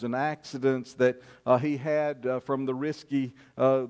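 Pastor, male, mid-pitched voice, sermon storytelling with hesitant pauses. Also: darkish tone. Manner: storytelling with frequent "uh" pauses, slowing for emphasis. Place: church sanctuary.

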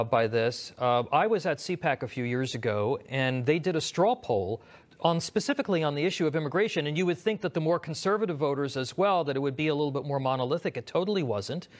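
Man asking long interview questions. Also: fairly high pitch. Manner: long questions with fillers and restarts. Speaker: interviewer host. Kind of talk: TV news interview.

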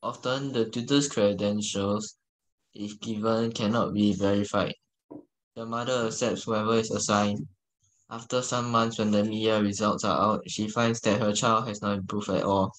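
A male student reading a passage aloud to his tutor in a careful, steady way. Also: on the low side, normal speed, rough recording.

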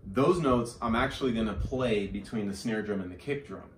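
A man teaching drum exercises, explaining slowly and counting and scatting the rhythms aloud. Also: fairly low pitch. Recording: roomy, from a distance, faint hiss.

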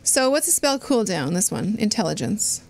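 A woman's voice: medium pitch, big pitch swings, normal speed, vocal fry, a little mellow, a little hiss or hum. A woman streaming a game, thinking aloud in casual commentary and swearing freely.

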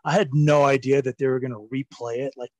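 A man in a casual interview, telling a story loosely, swearing freely and acting out other people's excited exclamations. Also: mid-range voice, fast talker, very noisy. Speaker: podcast guest.

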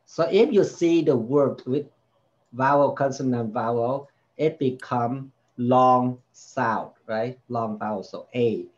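A man takes a child through spelling words at an unhurried pace. He sounds out the vowels patiently and repeats each word before moving on. His voice sits at a middle pitch, and the recording sounds dull and lo-fi. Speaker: home tutor.

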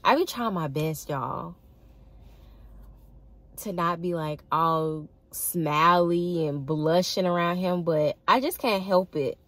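A young woman chats to her viewers about her dating life and keeps breaking into laughter. Her voice sits a little low, and she talks loosely and casually, often calling them y'all. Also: slow, fairly bright tone, no room sound. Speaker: vlogger. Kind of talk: casual storytelling to camera.

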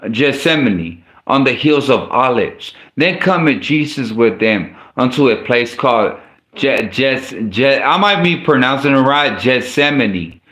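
A man's voice: mid-range voice, lively intonation, a little slow, fairly bright tone. A man preaching an informal sermon and reading scripture aloud, speaking in a casual, slangy way with frequent stumbles and restarts. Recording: echoey room.

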